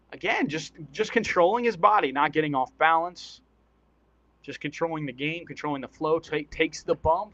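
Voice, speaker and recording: A man with a fairly high voice calls a basketball game in casual, excitable play-by-play. He chats between plays and laughs easily. The stream audio is dull and lo-fi. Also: dry recording. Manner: excitable, chatty, often laughs. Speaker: live-stream commentator.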